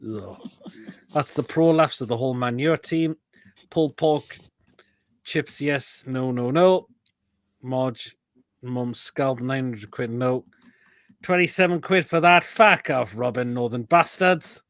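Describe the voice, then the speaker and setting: A man's voice: mid-range voice, no echo. Man joking through food pics. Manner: crude banter, reading comments aloud. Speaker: host. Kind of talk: casual live-stream chat.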